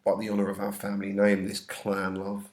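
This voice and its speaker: Man, teacher, lowish voice, reads play lines then paraphrases casually, slightly ill. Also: monotone, a little fast. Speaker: English teacher. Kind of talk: explaining a play line by line.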